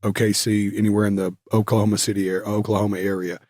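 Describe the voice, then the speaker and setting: A man's voice: fairly low pitch, little pitch movement, fast talker, a little mellow, no echo, studio quality. A man, telling stories casually as an interview guest, with lots of fillers. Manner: drawling Southern talk with many fillers.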